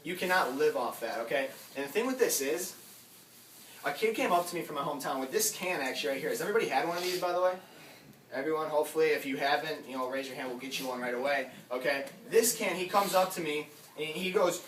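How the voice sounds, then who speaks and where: Young man, recruiter pitch, energetic, slightly high voice, room echo, off-mic. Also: quick pace. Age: young adult. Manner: energetic, addresses crowd directly, acts out quoted dialogue. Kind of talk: sales pitch to a small audience. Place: house basement room. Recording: echoey room from far off, faint noise.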